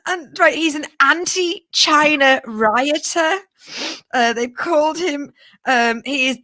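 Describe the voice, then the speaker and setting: Animated laughing woman co-host. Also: high-pitched, dry recording. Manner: animated, laughing, swearing, rambling. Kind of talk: casual comedic news chat.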